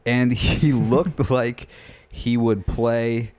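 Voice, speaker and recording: A young man tells a story in loose, casual podcast chat, his pitch sitting right in the middle. He acts out the quoted lines with plenty of energy and swears often. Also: fairly even intonation, very slow, darkish tone. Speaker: podcast co-host.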